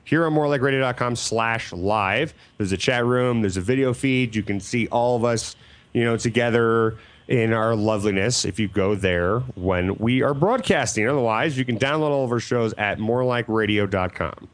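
A man hosts a talk show in a relaxed, crude, slangy manner. His voice sits at an ordinary middle pitch. He banters loosely and reads show plugs casually. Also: moderate pace. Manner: laid-back, crude, with slangy asides. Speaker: radio show host.

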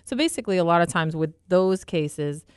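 A woman's voice: on the low side, lively intonation, a little fast, a little mellow, smooth, no room sound, studio quality. A young adult woman co-hosting a casual chat, talking freely and laughing often. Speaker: co-host.

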